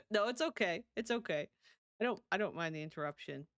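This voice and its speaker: A woman's voice: mid-range voice, animated, a little fast, no echo, clean studio sound. A woman streaming a life-sim game, chatting casually and laughing often as she answers her chat. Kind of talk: casual live-stream chat while playing.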